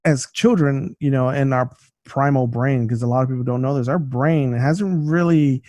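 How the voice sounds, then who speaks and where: A man in casual podcast chat, speaking at a middle pitch. He rambles, circles back and restarts his thoughts, filling gaps with "you know." The sound is dry, with no room around it. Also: normal speed, darkish tone, dry recording. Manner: rambling, many fillers and restarts. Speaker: podcast co-host. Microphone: studio mic.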